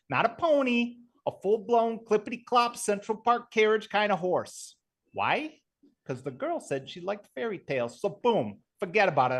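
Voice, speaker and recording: A woman's voice: mid-range voice, close to an everyday voice. A performer voicing a brash, boastful male bachelor with a thick Brooklyn accent in a comedy livestream sketch. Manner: boastful, brash, swears freely.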